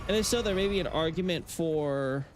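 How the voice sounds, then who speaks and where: A man with a fairly high voice talks game lore casually while playing on a stream, at a moderate pace with slight background noise. He rambles with lots of fillers and restarts and gives blunt opinions.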